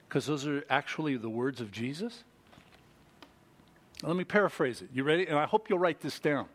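Animated and full of rhetorical questions, a middle-aged pastor preaches to his congregation. His voice sits on the high side.

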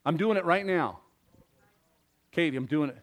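A man preaching a sermon, animated and interactive, quizzing the congregation and acting out little scenes. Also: fairly high pitch, moderate pace. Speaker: pastor.

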